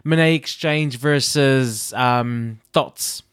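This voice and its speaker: A man co-hosting a casual podcast recap, lively and laughing often, acting out voices when he quotes people. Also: medium pitch, slow, clear, resonant tone. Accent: non-British, usually masked with a British accent. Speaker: podcast co-host. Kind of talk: casual chat recapping a TV show.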